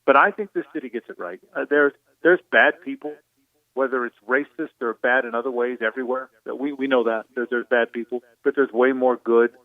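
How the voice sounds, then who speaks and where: A middle-aged man from Jacksonville speaks earnestly and with feeling, doubling back on his words as a broadcaster calling in. His voice sits in a middle pitch and comes through a thin, phone-like line with no room sound. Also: fairly even intonation, a little fast, dry recording. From Jacksonville, Florida. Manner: earnest, emotional, repeats words. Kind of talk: reflective on-air talk. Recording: tinny phone line, dry.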